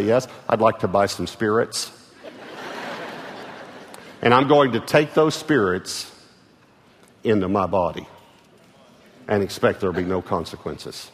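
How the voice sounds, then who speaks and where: Texan male pastor, low voice, earnest sermon delivery, echoey church hall. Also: unhurried, pauses often, a little hiss or hum. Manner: earnest, repeats words, swings from loud calls to hushed lines. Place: large church auditorium. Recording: large hall reverb with soft music.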